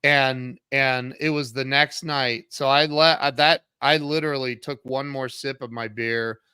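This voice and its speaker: Bright, clear-voiced man telling his story. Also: mid-range voice, steady tone, unhurried, dry recording, clean studio sound. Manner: earnest, acts out past dialogue with sudden loud jumps. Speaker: guest, author and CEO. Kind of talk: candid storytelling in an interview.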